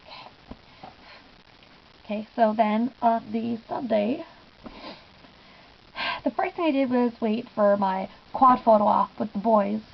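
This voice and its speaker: Young female vlogger, higher voice, excitable and giggly storytelling, dull home recording. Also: slow pace, vocal fry, pauses often. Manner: gushing, giggly, lots of "I was just like". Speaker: fan vlogger. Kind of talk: casual storytelling vlog.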